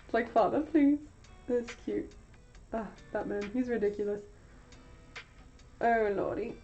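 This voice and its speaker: A woman's voice: medium pitch, flat delivery, unhurried, darkish tone. A young woman chatting casually to her stream while she draws, rambling with lots of fillers and giggles. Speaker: art streamer. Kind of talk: casual chat while drawing. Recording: dull lo-fi stream audio with faint music.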